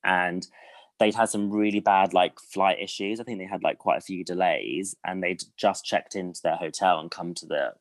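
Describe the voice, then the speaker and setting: A young British man with a low, deep voice tells stories in a loose, chatty way, leaning on fillers as he goes. The sound is dry and close, with no room around it. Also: fairly even intonation, normal speed, dry recording. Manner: chatty storyteller, lots of fillers. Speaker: guest. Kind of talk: casual chat.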